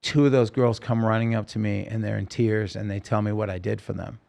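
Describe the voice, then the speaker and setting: A man's voice: fairly low pitch, little pitch movement, fairly quick, gravelly, a little mellow. A man, a singer-songwriter, telling his own story in a podcast interview, earnest and rambling with many restarts.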